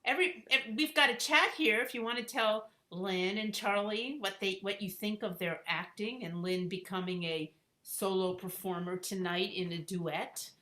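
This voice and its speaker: A woman hosts a streamed interview, upbeat and urging her guests on. Her voice is bright and crisp, and the recording carries a roomy echo. Her pitch sits in the middle range. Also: moderate pace, few pauses. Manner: upbeat and encouraging. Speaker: host. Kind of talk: hosting a live-streamed interview. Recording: roomy, echoey sound.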